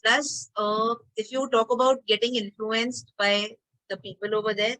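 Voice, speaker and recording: A woman's voice: a little high, steady tone, measured pace, pushed and bright, low-quality recording. A woman with an Indian accent, a guest on a podcast, giving frank opinions in casual talk. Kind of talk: casual interview chat.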